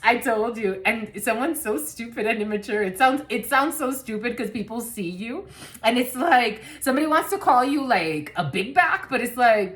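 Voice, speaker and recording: A woman's voice: a little high, expressive, fairly quick, a bit bright. A woman giving a collective tarot reading to camera, blunt and rambling, swearing freely and laughing often. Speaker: tarot card reader.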